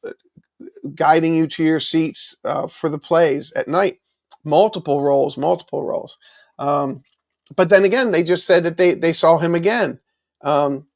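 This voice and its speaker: A man's voice: on the high side, gravelly. A man hosting a live stream, chatting casually with viewers, with many fillers and restarts. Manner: reads and answers viewer chat.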